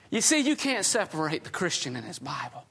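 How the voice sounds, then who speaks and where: A man's voice: fairly high pitch, creaky, sharp tone, slightly rough. A man preaching a sermon in a folksy storytelling way, often chuckling as he talks.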